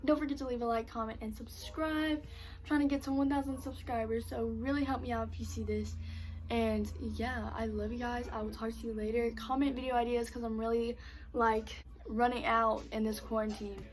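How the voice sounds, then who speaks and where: A young woman telling a casual storytime vlog, animated, swearing freely and saying "like" constantly. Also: a little high, moderate pace. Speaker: vlogger.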